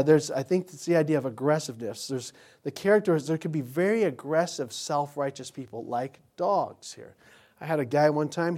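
Slightly high-voiced man teaching casually. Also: darkish tone. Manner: anecdotal, rambling storyteller. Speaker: pastor. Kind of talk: informal Bible teaching.

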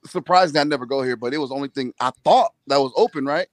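A man's voice: medium pitch, rapid-fire, no echo. A man on a casual podcast panel, telling a story animatedly and acting out his own outbursts. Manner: animated storytelling, mimics shouting at staff. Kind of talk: casual chat.

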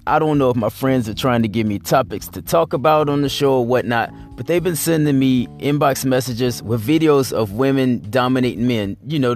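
A man hosts his weekly show in a loose, rambling monologue, blunt and full of cursing. His voice sits at an ordinary middle pitch for a man. Faint music plays softly underneath. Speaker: host. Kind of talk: casual monologue.

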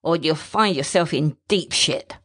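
A woman playing a desperate man on the run, low gruff snarl, clipped, storybook reading. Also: a little slow, fairly bright tone. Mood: angry. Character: desperate injured male fugitive, snarling and tough.

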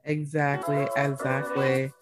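Slow-talking woman recapping a show. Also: a bass voice, flat delivery, music in the background. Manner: chatty storytelling with reactions. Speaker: podcast host. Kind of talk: casual episode recap.

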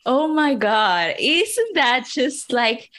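A woman co-hosting a podcast, speaking in an unhurried, reflective way in casual chat. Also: high-pitched, very animated, fairly bright tone. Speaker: podcast co-host.

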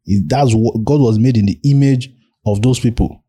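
Nigerian male host, animated and emphatic, warm husky voice. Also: medium pitch, moderate pace. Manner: animated, emphatic rhetorical questioning. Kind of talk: casual group discussion. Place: online audio room.

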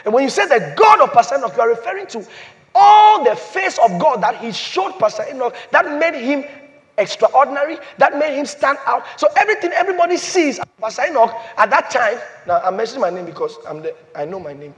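A man preaching a sermon as pastor, repeating phrases and swinging from loud declarations to hushed, slow emphasis. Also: very high-pitched, very animated. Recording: long hall reverb.

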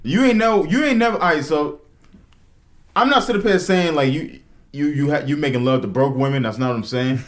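A man co-hosting a podcast in casual chat, teasing the others in animated slang. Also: on the high side, brisk. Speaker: podcast co-host.

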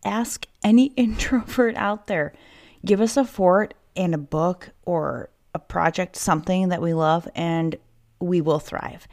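Heated lady podcaster, kinda low voice, cussing a lot and going off on tangents. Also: unhurried, darkish tone. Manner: fired up, swearing, rambling asides. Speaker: podcast host. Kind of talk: casual solo podcast monologue. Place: inside a child's play tent at home.

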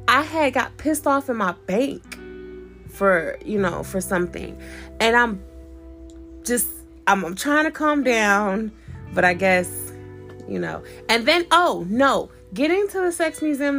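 A woman's voice: a little high, expressive, takes it slowly, long pauses, fairly bright tone, soft background music. Profane, blunt young woman chatting. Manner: blunt, profane storytelling with frequent "like". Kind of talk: casual chat.

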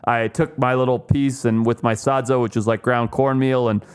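A man's voice: medium pitch, little pitch movement, normal speed, smooth. A man co-hosting a podcast, telling stories in a loose, chatty way with plenty of fillers. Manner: chatty storyteller with many fillers. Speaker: podcast co-host. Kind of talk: casual chat.

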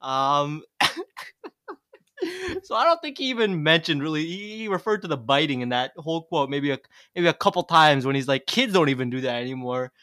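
A man's voice: fairly high pitch, expressive, normal speed, pauses often, sharp tone, no room sound, clean studio sound. A man co-hosting a casual podcast, blunt and profane, laughing often. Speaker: podcast co-host.

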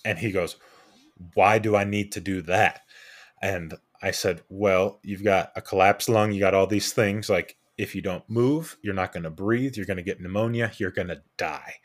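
A man's voice: low voice, normal speed, few pauses. A young adult man co-hosting a podcast, telling a work story casually, acting out the people he quotes and restarting his sentences. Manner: animated anecdote-telling with quoted voices and restarts. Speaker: podcast co-host.

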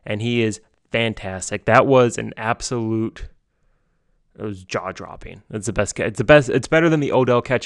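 Excited young man gushing about sports. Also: medium pitch, no echo, studio quality. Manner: excited, gushing, repeats himself. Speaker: sports commentator. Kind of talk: solo sports commentary. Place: home basement.

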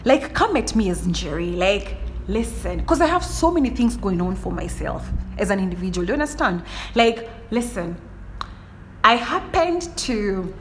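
A young adult woman hosting her own podcast, telling stories in a lively, chatty way and often saying "like" and asking "do you understand?". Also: medium pitch, normal speed, slight background noise. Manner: animated storytelling, frequent "like" and "do you understand?". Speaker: podcast host. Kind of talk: casual solo monologue.

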